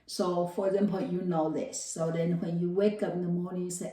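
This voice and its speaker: A woman's voice: lowish voice, level tone, fairly quick, dark tone. A woman professor giving a classroom lecture, explaining terms through everyday examples and checking whether her students follow. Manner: explains with everyday examples, repeats key terms, asks if it makes sense. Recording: roomy, distant mic.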